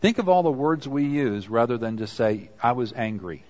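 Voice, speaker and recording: A man's voice: mid-range voice, lively intonation, moderate pace, a little mellow, dull audio. A man preaching a conversational sermon, acting out quoted apologies as he goes. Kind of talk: sermon on confession.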